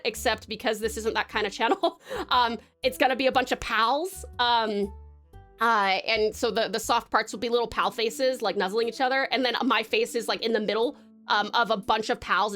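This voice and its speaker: A woman's voice: high-pitched, fairly bright tone. An Australian woman from Tasmania chatting casually with viewers on a live stream, bubbly and gushing, with lots of fillers and restarts. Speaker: livestreamer.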